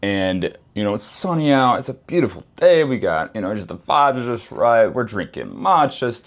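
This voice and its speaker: A man vlogging a casual story to camera, slangy and animated, often repeating phrases for emphasis. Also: medium pitch.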